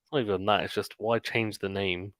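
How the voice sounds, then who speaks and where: A man giving live play-by-play tennis commentary on a stream, calling the shots quickly and dropping into quiet chatty asides between points. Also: lowish voice, steady tone, no echo. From Britain. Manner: rapid calls of the rally mixed with quiet chatty asides.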